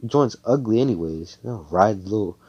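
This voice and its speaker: A man's voice: expressive, normal speed, warm tone, husky, lo-fi sound. A man voicing a haughty, foul-mouthed royal young woman in a fan story he tells aloud. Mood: snooty. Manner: snobbish, shrill and cussing. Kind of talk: fan story retelling with voices.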